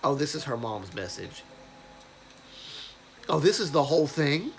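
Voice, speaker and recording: Congested man slowly reading news aloud. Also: a little high, big pitch swings, gravelly, soft background music. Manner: slow, halting reading with restarts and self-corrections. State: congested, sniffling from a cold. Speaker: livestream host.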